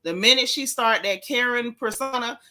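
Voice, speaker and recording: A woman's voice: on the high side, moderate pace, sharp tone. A woman hosting a casual chat, talking emphatically and at length about her opinions. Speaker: host.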